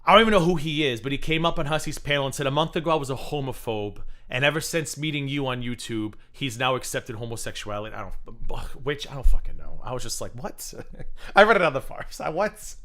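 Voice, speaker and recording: A man hosting a live stream, chatting in a gossipy, animated way, swearing and breaking into shrieks as he retells drama. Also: mid-range voice, fast talker. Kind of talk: casual live-stream commentary.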